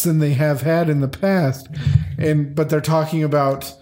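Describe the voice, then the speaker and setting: A man's voice: fairly high pitch, a little slow, a little mellow. A man in casual chat, rambling and acting out scenes from a show he loves. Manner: rambling, acts out scenes in quoted voices.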